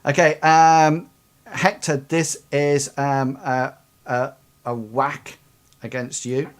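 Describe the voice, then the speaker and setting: A game master narrating a tabletop game, halting with lots of fillers and laughter. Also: mid-range voice, flat delivery.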